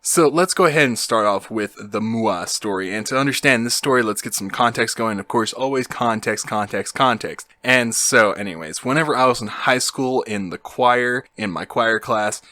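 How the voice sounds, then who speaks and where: A man's voice: medium pitch, normal speed, hardly any pauses, bright, forceful tone, dry recording, faint music behind. A young man hosting his own channel and telling a story casually, rambling with lots of fillers. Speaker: YouTube host.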